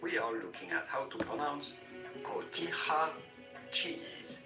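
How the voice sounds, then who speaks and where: A man's voice narrating a pronunciation guide in an even, instructional script, possibly synthetic. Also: mid-range voice, takes it slowly, distant mic. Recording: roomy audio played back with music.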